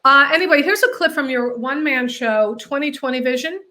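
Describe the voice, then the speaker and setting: A woman with a high voice hosts a casual interview. She tells stories in an animated, chatty way, filling gaps with ums. The talk is loose and conversational. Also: a little fast. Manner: chatty, animated storyteller, fillers. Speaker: host.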